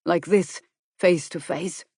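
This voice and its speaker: A quiet, earnest man who speaks gently as a woman narrator voices him. The voice is fairly low and the recording is close and dry, with no room around it. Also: fairly even intonation, slow pace, vocal fry, husky, no echo, full character voice. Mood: gentle. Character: gentle, earnest middle-aged man returned from prison. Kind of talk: audiobook character voice.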